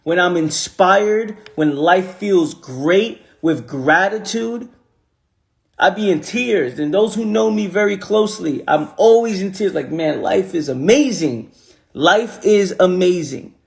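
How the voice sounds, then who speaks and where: A man's voice: high-pitched, lively intonation, a little slow, gravelly. A man giving a casual motivational talk on a phone livestream, repeating lines for emphasis and using slang. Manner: repetitive, emphatic, preachy. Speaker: motivational speaker.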